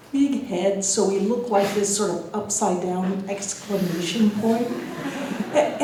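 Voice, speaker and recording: Mulher americana palestrando num salão ecoante. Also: female voice, medium pitch, far from the mic, slight background noise. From United States. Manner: lively storytelling, laughs at own jokes. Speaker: guest lecturer, engineering professor. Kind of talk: public lecture with anecdotes. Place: large lecture hall. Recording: echoey hall, voice from afar.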